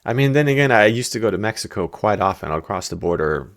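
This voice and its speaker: A man's voice: lowish voice, expressive, quick pace. A man hosting a reaction video, telling loose, profane anecdotes in a casual chat. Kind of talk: casual storytelling commentary.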